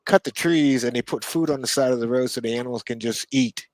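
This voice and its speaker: A man co-hosting a casual podcast chat, telling unhurried stories with asides and chuckles. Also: mid-range voice, no echo, low-quality recording. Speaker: co-host.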